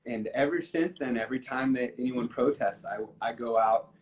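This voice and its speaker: Earnest man telling a story, halting. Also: medium pitch, low-quality recording. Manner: halting, with frequent restarts and fillers; earnest, gets emotional while telling a story. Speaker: musician. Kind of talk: casual live-stream chat, storytelling. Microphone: video call from a phone or computer.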